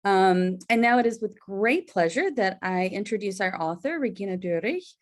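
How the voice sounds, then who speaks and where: A woman's voice: mid-range voice, animated, normal speed. A woman moderates an online book discussion, speaking over a video call. Her voice sits in a middle range and her introductions are loose and easygoing, with plenty of ums along the way. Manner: friendly, with frequent ums. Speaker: webinar host. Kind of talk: moderating a virtual book talk.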